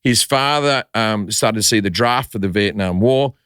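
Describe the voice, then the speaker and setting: Australian comic guest, storytelling, dry close mic, casual and profane. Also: male voice, on the low side, fairly bright tone, clean tone, dry recording. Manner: loose, swearing, does quick voices in anecdotes. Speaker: comedian guest.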